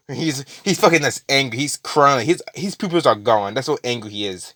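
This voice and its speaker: A man's voice: medium pitch, expressive, normal speed, few pauses, fairly bright tone, no echo, studio quality. A man casually retelling a fan story in a rambling, profane way, full of fillers and restarts.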